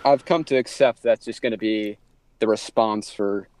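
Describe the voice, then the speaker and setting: A man from Atlanta, Georgia chats as a podcast guest, halting and stumbling over his first words. His voice runs low, and the recording is dry with no room echo. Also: darkish tone. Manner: hesitant, stammers on restarts. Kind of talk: casual phone chat.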